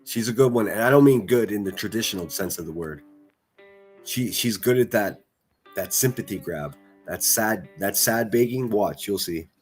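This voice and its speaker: Male streamer host, low husky voice, mocking and crude, faint guitar behind. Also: expressive, normal speed. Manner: mocking, sarcastic and profane. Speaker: livestream host reacting to clips. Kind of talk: casual livestream commentary.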